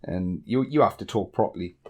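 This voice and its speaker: Blunt northeast English man, lowish voice. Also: a little fast, husky. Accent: northeast English, toned down. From northeast England. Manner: blunt, candid, chatty with swearing. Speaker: YouTube tech tutorial creator. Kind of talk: casual Q&A vlog.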